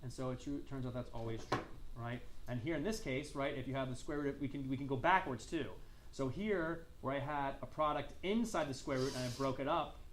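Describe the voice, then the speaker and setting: A man's voice: medium pitch, a little fast, a little hiss or hum. Man teaching a math class. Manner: asks the class questions and repeats answers; coughs and clears throat now and then. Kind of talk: classroom lecture.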